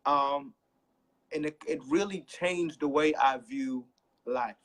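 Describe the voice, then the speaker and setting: A man's voice: fairly high pitch, takes it slowly. A young man sharing a painful personal story on a talk show, earnest and close to tears, repeating himself for emphasis. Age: young adult. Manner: earnest, repeats phrases, voice rising when emphatic. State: holding back tears. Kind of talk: emotional personal testimony.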